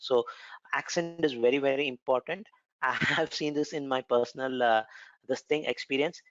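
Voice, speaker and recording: A man's voice: mid-range voice, fairly even intonation, moderate pace, fairly bright tone, no echo, highs cut off. A man with an Indian accent explaining cloud features in a conversational recorded lesson, with frequent filler words. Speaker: cloud computing instructor. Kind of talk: recorded technical lesson with demo.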